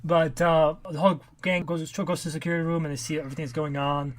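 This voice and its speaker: A man's voice: on the high side, flat delivery, fast talker. A man co-hosting a casual podcast, retelling a comic's plot step by step. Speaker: podcast co-host.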